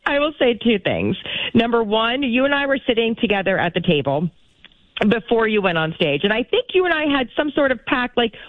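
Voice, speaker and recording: A female radio producer telling stories on air. Her pitch swings widely and she laughs often, and the sound is tinny, dry and phone-like. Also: moderate pace, dry recording. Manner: lively, laughing, playful. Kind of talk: casual on-air banter.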